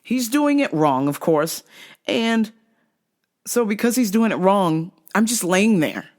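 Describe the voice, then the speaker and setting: A podcast speaker telling a casual story with lively energy and plenty of swearing. The voice sits at a middle pitch and keeps jumping into quick impressions of the other people in the story. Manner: animated, profane, acts out the people in the story.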